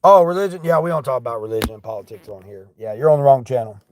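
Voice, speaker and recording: A man's voice: mid-range voice, animated, very fast, a little mellow, soft background music. A man chatting casually with a live audience while picking a shopping order in a large store, joking and mildly exasperated. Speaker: livestreaming grocery shopper.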